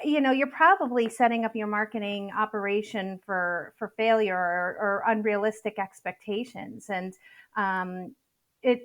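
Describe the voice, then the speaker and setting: Woman guest, Boston-Worcester accent, consultant, thoughtful, mid-pitched voice. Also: fairly bright tone. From central Massachusetts. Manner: thoughtful, some restarts. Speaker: marketing consultant. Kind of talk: interview answers.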